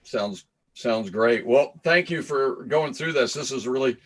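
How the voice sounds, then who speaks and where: A man's voice: medium pitch, measured pace, a bit bright. Laid-back guy on a video call, cracks jokes, laughs a lot. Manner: easygoing, jokey, laughs often. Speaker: co-host interviewer. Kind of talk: casual chat.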